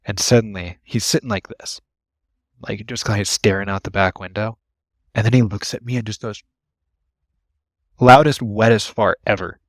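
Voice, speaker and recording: A young ambulance AEMT appears as a guest on a casual podcast, telling animated work stories. He laughs often and acts out the people he quotes, his fairly low-pitched voice captured in a dry recording.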